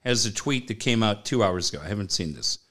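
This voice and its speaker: A man's voice: fairly low pitch, lively intonation, fast talker, fairly bright tone. A man co-hosting a casual radio podcast, talking in a blunt, profane way. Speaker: co-host.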